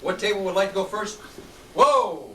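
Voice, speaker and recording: A man's voice: high voice, expressive, brisk, fairly bright tone. A middle-aged man leading a youth class, upbeat and encouraging as he calls on students. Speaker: youth program instructor. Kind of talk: classroom coaching. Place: large room with student tables. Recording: echoey room recorded from far, noisy.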